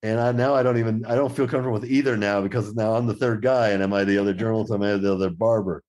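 A man's voice: on the low side, racing. A middle-aged man, a podcast guest, telling travel anecdotes in casual conversation and acting out the quoted exchanges. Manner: lively anecdotal storyteller who acts out quoted exchanges.

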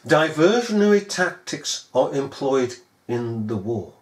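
A man's voice: medium pitch, sing-song, measured pace. A man preaching a sermon in a scornful, sarcastic manner. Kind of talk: recorded sermon. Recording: echoey room.

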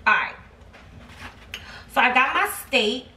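This woman's voice sits high and sounds animated, bright, and forceful, though she speaks at a slow pace. She's a cooking vlogger chatting casually to her "y'all" viewers at home, recorded on a distant phone camera that picks up background noise.

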